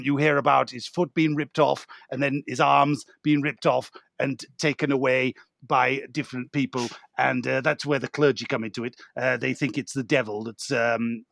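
Man doing a pompous rambling writer, gravel in the voice. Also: mid-range voice, fairly bright tone, no room sound, clean studio sound. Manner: rambling, self-satisfied improv guest. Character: pompous male author of a train murder novel. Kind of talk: improvised comedy interview.

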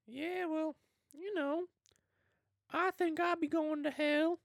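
A man voicing a timid twelve-year-old boy who calls a comedy podcast, in a squeaky falsetto with a slow, pleading drawl. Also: steady tone, vocal fry, a bit bright, a little hiss or hum, exaggerated voice.

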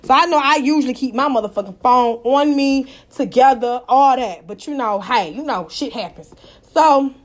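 High-voiced woman telling a story. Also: moderate pace. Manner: animated, profane, exclaiming praise. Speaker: vlogger. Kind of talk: casual storytime monologue.

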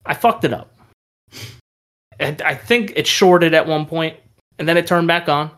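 A man co-hosting a casual podcast, telling animated stories with frequent laughter and casual swearing. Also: on the high side, measured pace. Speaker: podcast co-host. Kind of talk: casual chat.

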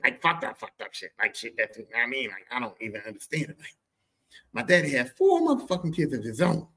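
Animated, profane man telling stories. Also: mid-range voice, a little fast, breathy edge. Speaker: podcast host. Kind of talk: comedic personal storytelling.

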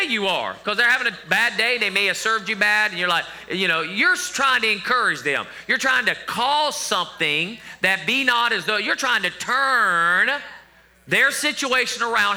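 A man's voice: high voice, bright, forceful tone. A middle-aged male pastor preaching a sermon in a conversational way, with joking asides to the congregation.

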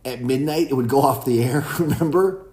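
A middle-aged man co-hosting a podcast, chatting casually, animated and swearing freely. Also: medium pitch, brisk. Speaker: podcast co-host. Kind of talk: casual chat. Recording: echoey room.

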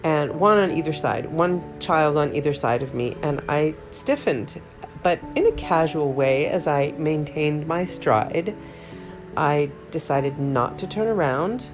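A woman's voice: low-pitched, expressive, measured pace, music in the background. A middle-aged woman telling a personal story in a candid, reflective monologue, often restarting her sentences. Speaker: podcast host.

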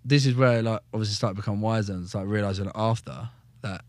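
A man's voice: fairly low pitch, fast talker, dry recording. Blunt, sweary man telling a story. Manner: blunt, heavy swearing, animated retelling. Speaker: guest, former soldier. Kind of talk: casual podcast storytelling.

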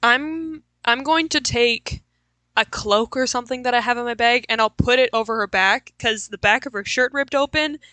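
A woman's voice: a little high, moderate pace, pushed and bright, no echo. A woman playing a tabletop game, describing her character's actions in an easygoing way. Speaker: player. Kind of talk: casual tabletop role-play.

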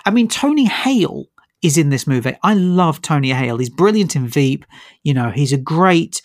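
A man reviewing films in a casual podcast chat, griping with an animated, exasperated manner and many stammered restarts. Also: on the high side, normal speed, no echo, clean studio sound. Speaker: film reviewer.

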